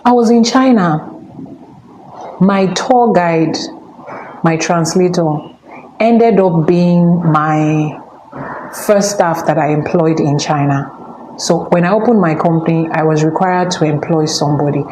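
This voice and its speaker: A Nigerian woman telling personal stories in an animated way, changing her voice when she quotes other people. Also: on the low side, a little slow. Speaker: spiritual teacher and channel host. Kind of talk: personal storytelling talk. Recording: echoey room with faint background noise.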